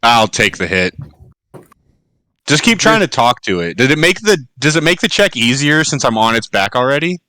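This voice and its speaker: Bright, lively young-sounding male player. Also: mid-range voice, moderate pace. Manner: eager, animated, laughs often, says "like" a lot. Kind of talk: casual tabletop play.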